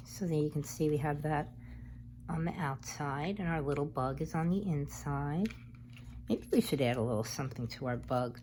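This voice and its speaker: Speaking at normal speed in a low, mellow voice, a craft vlogger chats casually and meanders while working through a tutorial. There's slight background noise.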